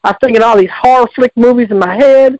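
A woman's voice: on the high side, fast, darkish tone, no room sound, dull audio. A woman, calling in to tell a long story in a rambling, colloquial way with lots of restarts. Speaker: caller. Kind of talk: call-in storytelling.

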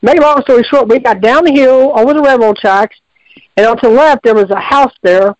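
A woman's voice: fairly high pitch, fairly quick, no echo, lo-fi sound. A woman, calling in to tell a long story in a rambling, colloquial way with lots of restarts. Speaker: caller. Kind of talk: call-in storytelling.

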